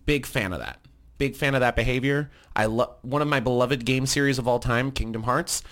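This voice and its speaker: A man's voice: mid-range voice, brisk, fairly bright tone. A man co-hosting a gaming podcast in casual chat, swearing freely and ranting with enthusiasm. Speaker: podcast co-host. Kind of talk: casual chat about games.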